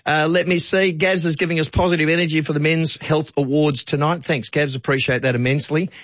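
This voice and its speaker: A man's voice: on the high side, fairly even intonation, brisk, a bit bright, no echo, lo-fi sound. A man with an Australian accent hosting a radio show in a chatty, jokey way, reading out listener texts. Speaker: radio host. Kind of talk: casual radio chat.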